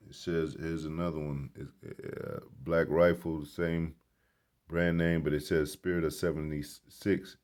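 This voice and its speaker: A man with an extremely deep, low voice talks his way through a casual vlog. He rambles in an emphatic, sermon-like way, blunt and quick to swear. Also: flat delivery, darkish tone. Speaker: vlogger. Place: grocery store.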